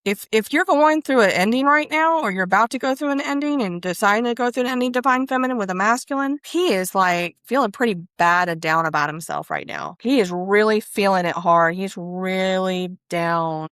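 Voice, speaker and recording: Woman, tarot reader, casual spiritual reading, chatty, mid-pitched voice, dry close sound. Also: brisk, few pauses, clean tone, no room sound. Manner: chatty, Southern-tinged "y'all", breaks into laughs and excited exclamations.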